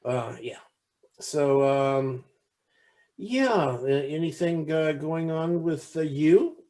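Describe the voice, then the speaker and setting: A man's voice: fairly high pitch, takes it slowly, warm tone. A man co-hosting a podcast, chatting casually with lots of restarts and fillers, acting out quoted lines while retelling a movie. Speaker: podcast co-host. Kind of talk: casual chat.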